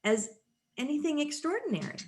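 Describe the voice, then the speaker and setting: A woman hosting a podcast, an encouraging interviewer who talks in a casual, expressive way. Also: sits high, fairly quick. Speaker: podcast host. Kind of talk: conversational interview.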